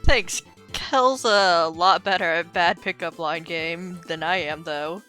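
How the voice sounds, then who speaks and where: A woman voicing a shy, anxious young female creature in a casual comic read-aloud, earnest and soft-spoken. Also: on the low side, slow pace, soft background music. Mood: tender. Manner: earnest, softly narrating, amused.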